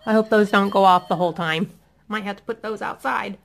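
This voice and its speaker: A woman's voice: medium pitch, brisk, vocal fry. A middle-aged woman from Indiana chatting enthusiastically through a product haul at home, with many ums. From Indiana, USA. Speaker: haul vlogger. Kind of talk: casual product haul chat.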